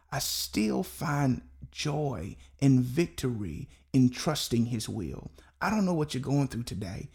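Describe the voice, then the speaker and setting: A male pastor delivers a sermon in a gravelly voice of middling pitch. He is earnest and circles back to key phrases, saying them again for weight. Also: darkish tone.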